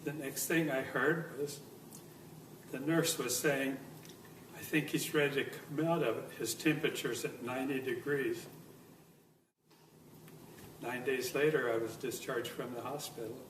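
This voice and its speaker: A man's voice: mid-range voice, fairly even intonation, unhurried, pauses often, a bit bright. Older man telling his near death story from far off the mic, roomy echo, noisy background, gets choked up. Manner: choked up, apologizing as emotion overtakes him. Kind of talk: personal testimony. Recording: echoey, distant with noisy background.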